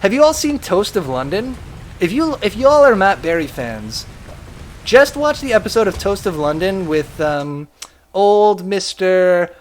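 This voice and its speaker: A young man streaming a video game, chatting casually and reading viewer messages aloud in an animated way. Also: sits high, a little slow, slight background noise. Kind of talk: casual live-stream chat.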